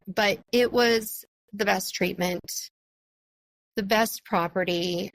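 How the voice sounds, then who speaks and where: Chatty woman podcast host, gravelly. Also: mid-range voice, steady tone, slow, no room sound, poor audio. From California. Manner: chatty, enthusiastic, frequent fillers. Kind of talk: solo storytelling podcast.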